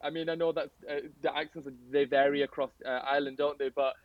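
A man's voice: fairly high pitch, flat delivery, fast, dry recording, lo-fi sound. A man from England, a guest on a podcast, chatting eagerly and laughing easily. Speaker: guest, reality show finalist. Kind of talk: casual chat.

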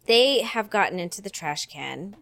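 A woman's voice: mid-range voice, animated, normal speed, gravelly, fairly bright tone, dry recording, studio quality. A woman co-hosting a podcast, trading jokes and teasing banter in casual chat. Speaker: podcast co-host.

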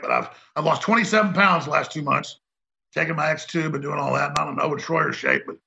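A man with an extremely gravelly, gritty voice rants as a radio host, his pitch swinging widely and his tone sharp and forceful. He sounds heated and emphatic, and the audio is dull and lo-fi. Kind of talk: ranting radio monologue.

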